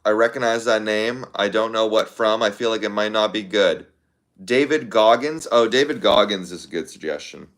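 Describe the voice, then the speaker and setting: A man hosting a casual livestream, reading viewer comments aloud in a fairly low voice. He talks offhandedly, thinking out loud with plenty of fillers and repeated words. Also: moderate pace. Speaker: livestream host.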